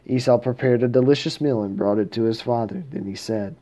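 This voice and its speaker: Man reading scripture aloud, mellow, steady pace, corrects his own slips. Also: medium pitch, fairly quick, few pauses. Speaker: scripture reader.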